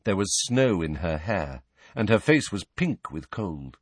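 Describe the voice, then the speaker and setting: A man narrating an audiobook with an expressive, storytelling delivery. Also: deep voice, unhurried, dry recording. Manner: expressive, lively reading. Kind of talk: scripted narration.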